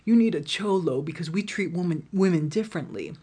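A woman's voice: lowish voice, lively intonation, a little fast, mellow, breathy edge. A woman quoting an insistent, boastful man with broken English who is trying to flirt with her.

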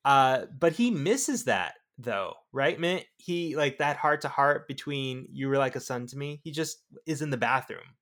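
A man's voice: medium pitch, lively intonation, a little slow, hardly any pauses, a bit bright. Easygoing man chatting about a film. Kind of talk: casual film review chat.

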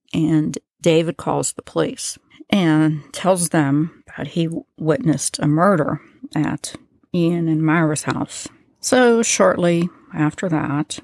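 A woman's voice: low-pitched, a little mellow, dry recording, studio quality. An American woman hosting a true crime podcast, retelling a case in a casual, chatty way with asides and filler words. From United States. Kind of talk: casual storytelling lesson.

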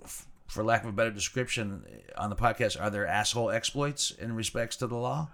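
Bright-voiced, lively man hosting a podcast. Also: lowish voice, a little fast. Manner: lively, playful showman's delivery. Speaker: podcast host. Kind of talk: casual chat over whiskey.

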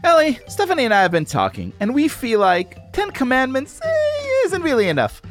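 A woman's voice: high-pitched, wildly swooping pitch, normal speed, faint music behind. A woman co-hosting a scripted kids' podcast, playing a goofy punster who clowns around. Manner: goofy punster, playful and bouncy. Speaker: co-host.

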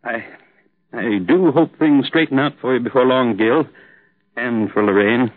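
An actor playing a kindly middle-aged boss in a 1950s radio drama, hesitant and sympathetic. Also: male voice, medium pitch, measured pace, no room sound, close to an everyday voice. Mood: concerned. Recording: tinny old radio broadcast.

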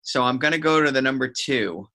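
Enthusiastic bright-voiced man. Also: mid-range voice, fairly quick. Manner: enthusiastic, joking. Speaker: podcast co-host. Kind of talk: casual chat.

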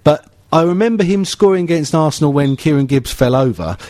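A man's voice: a little high, animated, a little fast, a little mellow, no room sound. A man talking football on a casual podcast, thinking aloud with frequent restarts. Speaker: pundit.

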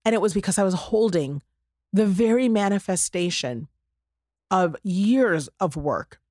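A woman hosting a casual podcast chat, telling a story in an animated way and using lots of "y'all" and "like". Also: mid-range voice, unhurried, no echo, clean studio sound. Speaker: podcast host.

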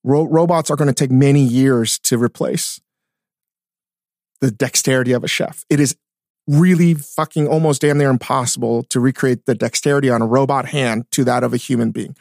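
A man co-hosting a casual podcast, talking in an animated way, swearing often and restarting his sentences. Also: medium pitch, normal speed, gravelly, no echo, studio quality. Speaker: podcast co-host, chef. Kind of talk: casual chat. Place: studio.

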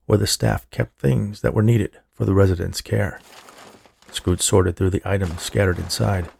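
A man reading a horror story aloud as scripted narration, in a measured, deliberate manner. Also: lowish voice, vocal fry, darkish tone, breathy edge, no room sound, studio quality.

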